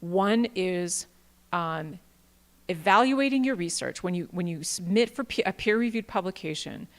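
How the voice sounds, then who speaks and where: A woman giving a playful, animated workshop talk with jokey asides to an audience. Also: lowish voice, moderate pace. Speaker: workshop presenter. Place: large auditorium. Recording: long hall reverb.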